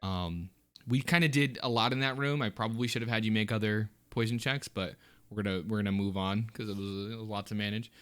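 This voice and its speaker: Brief: lowish male game master, halting delivery, lots of ums and restarts. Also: a bit bright, clear, resonant tone. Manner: halting, full of fillers and restarts. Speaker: dungeon master. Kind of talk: narrating a tabletop game.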